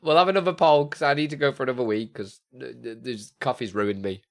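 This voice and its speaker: Rambling streamer with lively pitch. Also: quick pace. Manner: rambling, thinking aloud to chat. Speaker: live streamer. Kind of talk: casual live-stream chat. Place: home streaming setup.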